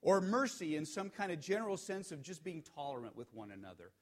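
Male preacher, a bit higher-pitched, storytelling sermon that swings between loud emphasis and near-whispers. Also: big pitch swings, a little fast. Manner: storytelling preacher, rising emphatic peaks and hushed drops. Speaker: pastor.

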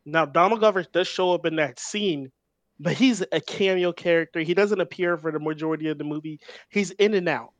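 A man's voice: a little high, fairly quick, no echo. A man co-hosting a casual film podcast, explaining his views thoughtfully and restarting phrases often. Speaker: podcast co-host.

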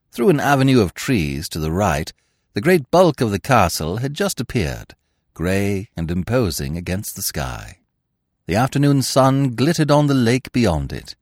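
A man narrates a classic novel in a low voice with very wide, animated swings of pitch. His delivery is measured and expressive, and the close mic makes the sound dry. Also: no echo.

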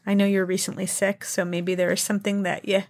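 A woman's voice: medium pitch, level tone, a little fast, darkish tone, slight background noise. A woman hosting a podcast interview, encouraging and reassuring her guest. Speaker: podcast host.

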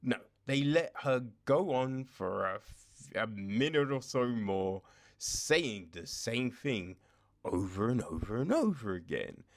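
Slow, gravelly man ranting casually. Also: mid-range voice, lively intonation. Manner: exasperated, rambling, lots of filler and swearing. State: tired, up in the small hours. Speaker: show reviewer. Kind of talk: casual rant.

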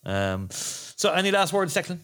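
A man hosting a casual sports podcast, jokey and halting with lots of restarts. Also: on the high side, sing-song, a bit bright. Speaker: podcast host.

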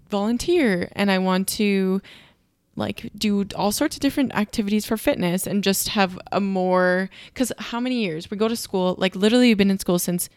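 Young woman, podcast co-host, casual chat, laughs a lot, mid pitch, dry close mic. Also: clear, resonant tone, dry recording. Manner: chatty, laughs often, swears casually.

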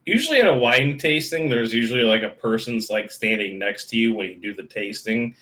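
A man's voice: medium pitch, animated, fairly quick, bright, forceful tone, rough recording. A drunk man on a podcast who cuts in to clarify points and joke around, swearing freely. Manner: interrupts to clarify, profane joking. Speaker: podcast co-host. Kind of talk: casual chat.

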